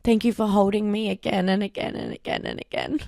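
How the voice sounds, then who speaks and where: A woman's voice: medium pitch, huge pitch swings, fairly quick, vocal fry, darkish tone, dry recording, studio quality. A young Australian woman from Darwin hosting her own podcast, talking in a candid, emotional personal reflection with casual swearing. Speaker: podcast host.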